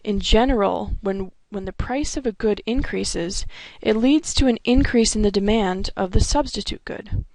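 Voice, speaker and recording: A woman delivers a recorded economics lecture, steady and explanatory. Her voice carries a gravelly fry at phrase ends. The recording is dry and close, with no room sound. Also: medium pitch, moderate pace, few pauses, no room sound. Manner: clear explanatory delivery with occasional restarts. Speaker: economics instructor.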